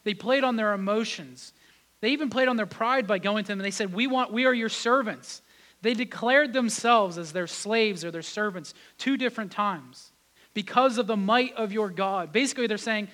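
High, bright-voiced man preaching a sermon. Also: a little fast. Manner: animated preaching, rising loud on emphasis, dropping quiet for reflection; acts out biblical voices in his telling. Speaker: pastor.

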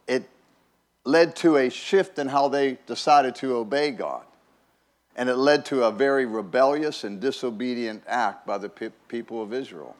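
Guy pastor giving a laid-back sermon, ordinary pitch, repeats himself, keeps saying right?. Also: moderate pace. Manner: folksy, restarts words, asks "right?". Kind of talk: conversational sermon.

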